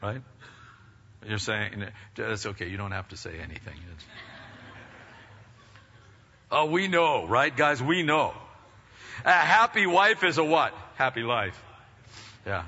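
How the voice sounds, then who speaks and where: Casting: male pastor, bright, lively sermon delivery, questions to the congregation, dull echoey church recording. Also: mid-range voice, unhurried, long pauses, husky. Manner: energetic, rising to emphatic bursts, many restarts and questions to the congregation. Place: church sanctuary.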